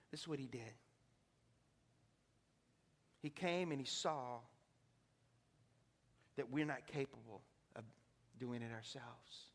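A pastor preaching an impassioned sermon, swinging from hushed to shouting. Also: male voice, fairly high pitch. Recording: long reverb of a large hall.

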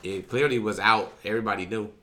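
A man's voice: lowish voice, steady tone, fast talker, a bit bright. A man co-hosting a casual chat, profane, rambling and argumentative. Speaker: podcast co-host.

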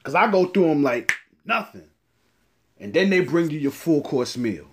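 A man hosting a casual sports talk show, animated and slangy, hyping up his co-host. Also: on the high side, normal speed, slight background noise. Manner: animated, slangy, hyped-up delivery.

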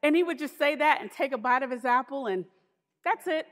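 A woman preaching a sermon in a church, lively and humorous, with emphatic asides. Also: sits high, normal speed, in a large hall.

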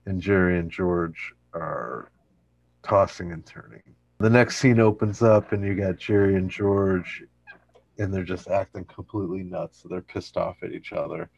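A man with a low, gravelly and husky voice recaps a sitcom plot in casual chat. He jumps into quoted lines as he tells it. The sound is dry and close. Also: unhurried, no echo, highs cut off. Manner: animated retelling, acts out quoted lines. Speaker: podcast co-host recapping an episode.

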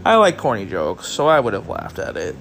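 A man's voice: on the low side, huge pitch swings, normal speed, creaky, over music. Tired, rambling male podcast host. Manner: casual, rambling, swears, addresses listeners as guys. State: tired, yawning. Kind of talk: solo wrestling review podcast.

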